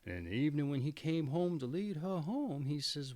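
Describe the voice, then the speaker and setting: A man reading a fairy tale aloud in an expressive, theatrical storytelling manner. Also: on the high side, brisk, dry recording.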